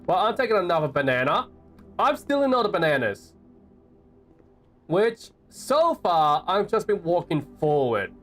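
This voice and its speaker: A young Australian man chatting playfully with viewers while playing a game and reading its notes aloud. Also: sits high. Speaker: streamer. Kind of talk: live gameplay commentary.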